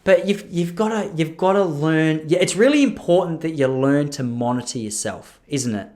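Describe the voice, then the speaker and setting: This young podcast host has a slightly mellow, higher-pitched voice and speaks at an ordinary pace. Alone at the mic, he rambles through a long tale, cutting himself off mid-sentence and tossing in jokey asides.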